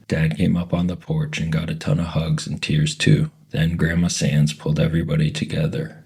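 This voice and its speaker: A man reading a novel aloud in an even storytelling manner, with a very deep, gravelly, husky voice. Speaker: audiobook reader.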